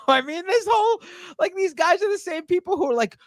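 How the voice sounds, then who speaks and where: A podcast co-host talking casually, animated and ranting, with lots of fillers and restarts. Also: sits high, moderate pace, no echo.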